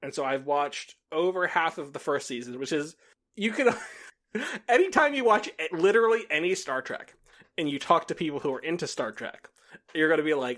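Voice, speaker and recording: A man's voice: on the high side, expressive, fairly quick, a bit bright. Swearing, laughing male podcast co-host. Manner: profane, laughing, acting out quoted people. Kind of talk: casual chat.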